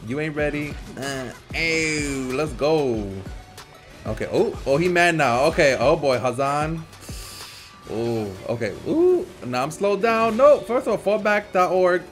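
Brief: male gamer host, fairly high voice, very lively pitch, playful trash talk, game music faint underneath. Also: measured pace. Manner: animated, playful trash talk with frequent laughter. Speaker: gaming channel host. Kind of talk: live gameplay commentary.

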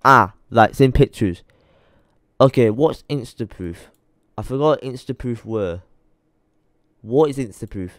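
A man's voice: medium pitch, animated, unhurried, pauses often, no echo, studio quality. A young man ranting to camera, rambling and swearing as he mutters to himself while searching his computer late at night, tired. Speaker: YouTuber. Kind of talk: frustrated rant to camera.

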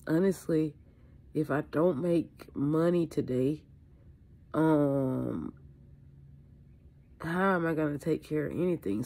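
A woman's voice: deep voice, dark tone. A woman vlogger from Louisiana, sick with allergies, talking candidly to camera in a rambling way with fillers and mild swearing. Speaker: beauty vlogger. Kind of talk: casual chat to camera. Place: indoors at home.

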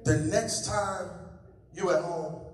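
A male pastor with a strikingly high voice preaches in a fervent call-and-response style. He sounds distant from the mic, his words ringing through a long-echoing hall. The congregation can be clearly heard behind him. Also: slow pace, crowd noise. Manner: impassioned call-and-response preaching, rising to shouts. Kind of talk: sermon. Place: church sanctuary. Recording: echoey hall from far off, congregation audible.

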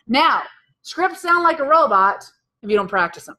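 Upbeat woman workshop coach, bright voice, draws answers from the room and echoes them back. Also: high voice, normal speed. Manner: energetic, quizzes the room and repeats answers back. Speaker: real estate sales trainer. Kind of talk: live workshop lesson with audience questions. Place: training room with live audience.

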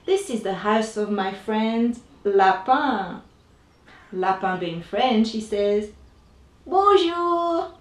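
A woman reading her own picture book aloud to children, slow and expressive, voicing the sound effects. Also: mid-range voice. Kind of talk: children's storybook read-aloud. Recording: roomy echo, distant mic.

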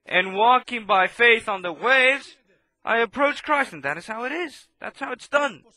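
A man preaching a sermon, impassioned and swinging between loud outbursts and hushed asides. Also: very high voice, lively intonation, moderate pace, no echo.

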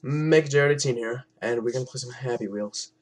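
A young man hosts casual gameplay commentary for his own channel. He rambles loosely, swears freely and often lets his words sink into low mumbles. His voice sits at an everyday middle pitch. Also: normal speed. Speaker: gaming channel host.

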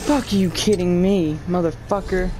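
A man with a Southern American accent doing crude, joking gameplay commentary, laughing often and breaking into loud excited shouts. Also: high voice, a little slow, very noisy. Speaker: gaming streamer.

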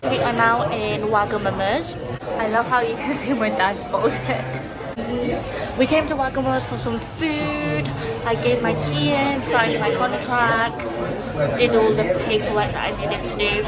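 A woman's voice: a little high, low-quality recording. A young woman chatting casually in a vlog, rambling and giggly, filmed on a handheld phone out and about. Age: young adult. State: out of breath. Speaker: vlogger. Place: outdoors on busy streets and in a restaurant. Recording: loud street crowd and traffic behind.

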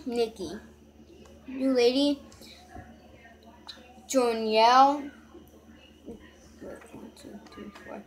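Holding her phone in her bedroom, a young woman rambles through a casual vlog chat, peppered with "so" and "yeah." Her pitch is fairly high, and the low-quality recording carries slight background noise.

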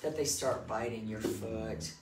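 In a room full of puppies, a dog trainer with a lowish voice talks through a demonstration at a measured pace, casually answering questions he imagines listeners might ask. The mic is distant and the sound roomy, with loud music and heavy background noise behind him.

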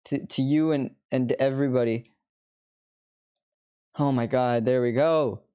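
A woman's voice: rumbling low, fairly even intonation, unhurried, dark tone, clean tone. A woman streamer chatting through live gameplay commentary, laughing often and swearing freely.

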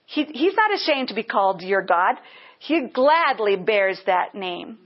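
A woman's voice: mid-range voice, very animated, measured pace, husky. A woman teaching a Bible lesson earnestly, breaking into bursts of praise. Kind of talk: teaching sermon. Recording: dull lo-fi sound.

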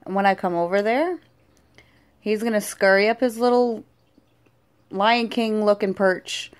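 A woman filming a casual vlog at home, talking affectionately to her pet in cooing baby talk that grows soft and hushed. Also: mid-range voice, measured pace, long pauses. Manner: soft and hushed when petting. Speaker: vlogger and pet owner.

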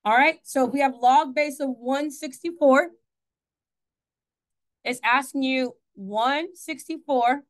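A woman's voice: high-pitched, takes it slowly, pauses often. A woman teaching a math class in a classroom, chatty, asking the students questions and correcting her own slips.

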